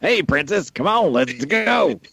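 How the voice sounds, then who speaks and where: A man putting on a male robot who drawls like an old-timey sheriff. It sounds folksy and playful, with pitch that climbs above his usual and moves widely. The recording is close and dry. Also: big pitch swings, unhurried, gravelly, a bit bright, breathy edge, no room sound, exaggerated voice.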